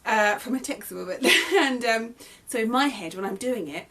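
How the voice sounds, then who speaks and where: A woman's voice: a little high, normal speed, a bit bright. A young English woman, a crochet designer, teaching a beginner's tutorial in a chatty, friendly way that often corrects itself as she goes. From England. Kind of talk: casual tutorial.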